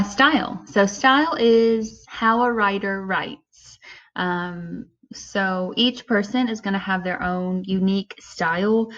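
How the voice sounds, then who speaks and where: A woman at an ordinary middle pitch walks through a lesson step by step. She fills her pauses with ums as she explains. The recording is muffled and lo-fi. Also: fairly bright tone. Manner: explains step by step with many fillers. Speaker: teacher. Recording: dull lo-fi recording.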